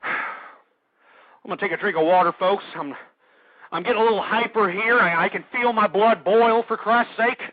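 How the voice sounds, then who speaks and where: Male radio host, high pitched, agitated ranting monologue, lo-fi radio sound. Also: moderate pace, long pauses, dry recording. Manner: ranting, agitated, shouting at times. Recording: dull lo-fi dry radio recording.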